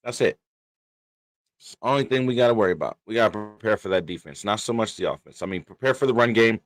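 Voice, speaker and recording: Laughing, trash-talking sports host. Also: male voice, lowish voice, expressive, quick pace. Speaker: podcast host. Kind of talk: casual sports chat.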